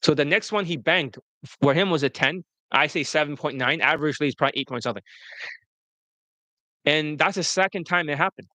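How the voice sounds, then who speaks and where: A man's voice: a little high, a little fast, sharp tone, no room sound. A man, a dating coach, telling stories to an interviewer in a blunt, profane, rambling way. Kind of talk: casual storytelling to an interviewer.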